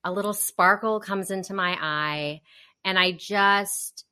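A woman as a podcast guest, chatting casually and expressively, often dropping to a soft voice. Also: slow pace, clean tone. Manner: expressive, drops to a soft low voice when describing feelings. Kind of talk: casual chat.

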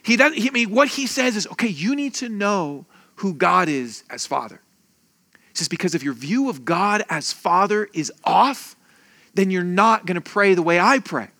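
Casting: male pastor, high bright voice, lively sermon delivery with playful asides. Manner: animated, acts out quoted voices, jokey asides.

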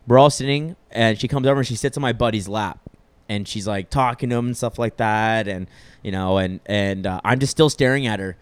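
A man's voice: fairly low pitch, a little fast, clear, resonant tone, no room sound. A young man telling a long story in casual chat, rambling with lots of filler words and swearing freely. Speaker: podcast storyteller.

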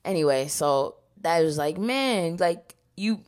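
A woman's voice: fairly low pitch, takes it slowly. A young woman co-hosting a podcast, chatting casually and acting out what people said to her. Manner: animated storytelling, acts out quotes. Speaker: podcast co-host. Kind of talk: casual chat.

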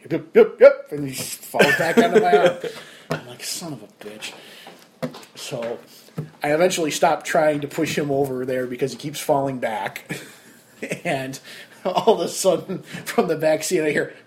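A young man on a podcast, one of its co-hosts, recounts a story in a relaxed chat, his fairly high voice at normal speed. Along the way he lively acts out what his friends said.

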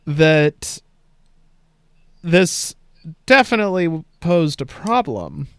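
A man's voice: a little high, animated, drawn-out words, clear, resonant tone, dry recording, studio quality. A man co-hosting a podcast, chatting casually and sardonically about the news and swearing freely. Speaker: podcast co-host. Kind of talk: casual news commentary chat.

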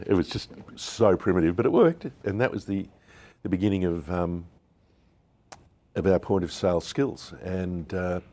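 Low-pitched and dark-toned, an Australian business founder in his sixties shares candid, anecdotal stories as a guest in an interview. He acts out the quotes of people he describes.

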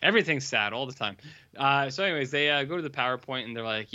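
A man's voice: medium pitch, fast talker, bright, forceful tone, highs cut off. A man co-hosting a podcast, rambling casually as he retells a film and drops into character voices. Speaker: podcast co-host. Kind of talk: casual chat, recapping a film.

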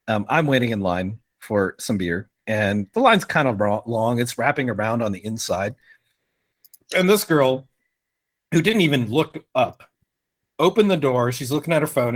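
A man telling a story on a casual podcast, his pitch swinging widely as he goes. He acts out the people in his story and swears freely. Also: fairly bright tone, no echo. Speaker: podcast co-host. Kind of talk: casual chat.

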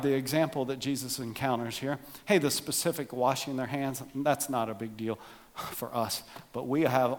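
A man preaching a humorous sermon to his congregation, joking and animated, dropping to quiet asides. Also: medium pitch. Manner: jokey, animated, drops to soft asides. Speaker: pastor.

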